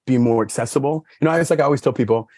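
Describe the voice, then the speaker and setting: Ospite maschile di podcast, parlantina sciolta, tono medio, registrazione asciutta; racconta aneddoti con molti intercalari. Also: male voice, racing, a little mellow, no echo. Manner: rambling storyteller, many fillers like "you know" and "like"; acts out quoted dialogue with raised pitch. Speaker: podcast guest, sommelier. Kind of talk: casual chat.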